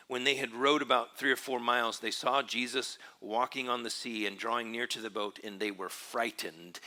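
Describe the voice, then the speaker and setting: Male pastor, mid-pitched, very bright tone, thoughtful sermon delivery with frequent restarts. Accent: Texan. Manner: reflective, searching, with frequent fillers and restarts. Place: church.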